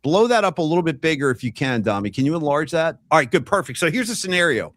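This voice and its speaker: A man hosts a casual sports podcast, acting out quotes as he tells his stories. His voice rises and falls a lot and sits a little high for a man. The sound is close and dry. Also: fast, no room sound. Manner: animated storytelling, acting out quotes. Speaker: podcast host.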